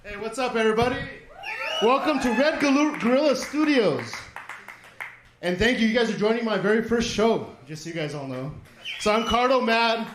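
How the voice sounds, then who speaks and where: Profane high-voiced man doing stand-up. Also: animated, normal speed, echoey room, noisy background. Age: 40s. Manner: profane, rambling, acts out quoted voices. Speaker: stand-up comedian. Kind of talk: stand-up set. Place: small comedy studio stage.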